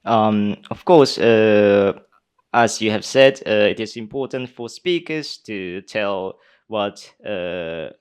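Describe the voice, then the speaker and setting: A young man answers questions slowly and with care, his voice low-pitched but smooth and clear. He fills gaps with uh and um and restarts his sentences as he searches for words. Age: young adult. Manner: hesitant, many uh and um fillers, restarts. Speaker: speech contestant answering judges. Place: conference hall.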